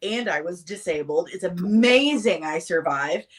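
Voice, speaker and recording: A woman's voice: fairly low pitch, animated, measured pace. A woman in her forties from Missouri with a Midwestern accent, talking bluntly and frankly in a casual chat. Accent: Midwestern American. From Missouri, United States. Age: 40s. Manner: blunt and frank, swears freely.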